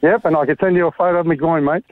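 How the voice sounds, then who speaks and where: A man's voice: fairly high pitch, fairly even intonation, very fast, a crowd in the background. An Australian man calling in to a radio show, telling his story blunt and matter-of-fact. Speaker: caller. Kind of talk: phone-in story. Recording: tinny phone line.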